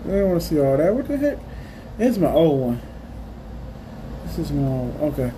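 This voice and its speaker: A man's voice: a little high, big pitch swings, normal speed, mellow, slight background noise. A man hosting his own podcast, ranting in a heated, repetitive way and saying "man" again and again. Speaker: podcast host. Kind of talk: ranting monologue.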